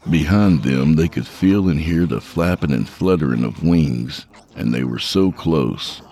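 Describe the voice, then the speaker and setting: A man reads a horror tale in a measured, dark manner. His voice is extremely deep and full of gravelly fry. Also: expressive. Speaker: horror story narrator. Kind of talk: scripted narration.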